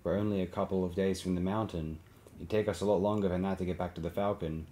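Man doing a quiet young Jedi, soft, deep voice, storybook. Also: fairly even intonation, fast talker, close to an everyday voice. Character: calm young male Jedi.

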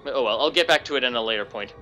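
A man hosts a casual let's play, rambling and reading game lines aloud. His voice is bright and forward, with faint game music behind it. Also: mid-range voice, rapid-fire.

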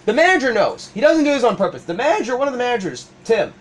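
A young man hosting a gaming video, chatting casually and swearing, with ranting, mock-shouted retellings. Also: extremely high pitch, quick pace, slight background noise. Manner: animated, swearing, rants with mock-shouted quotes. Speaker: gaming channel host. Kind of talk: casual chat while playing.

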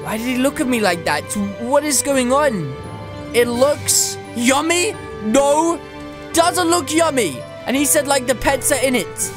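A high-pitched woman narrates a game roleplay in a gushing, exclamatory rush. She voices her characters between her own reactions, and clear background music runs under her voice. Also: expressive, measured pace. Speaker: gaming video creator. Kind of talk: excitable roleplay narration over gameplay.

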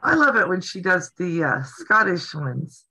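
Southern american lady hosting a sewing stream, bouncy lively voice, bright sound, laughs a lot. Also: lowish voice, measured pace, breathy edge. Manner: laughs often, teasing and chatty. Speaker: host of a sewing channel livestream. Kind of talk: casual livestream chat.

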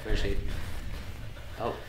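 A man's voice: unhurried, echoey room, noisy background. A man giving let's-play commentary on a horror game, jumpy and swearing, talking to himself as he plays. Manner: jumpy, swearing, talks to himself while playing. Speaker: gaming channel host.

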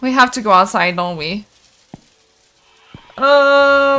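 A woman's voice: high voice, animated, takes it slowly, pauses often, sharp tone, smooth, soft background music. A young woman streaming a horror game, talking to her chat and anxiously repeating pleas as she plays. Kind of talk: horror game let's play.

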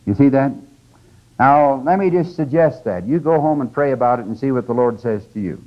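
A man's voice: mid-range voice, lively intonation, fairly quick. An older man giving a conversational, emphatic religious lecture, with teaching asides to his audience. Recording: dull lo-fi lecture tape.

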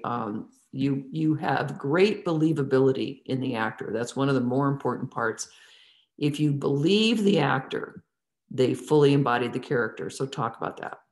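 A woman teaching a theatre class in a lecture style, asking the students many questions and drawing words out for emphasis. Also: rumbling low. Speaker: theatre instructor.

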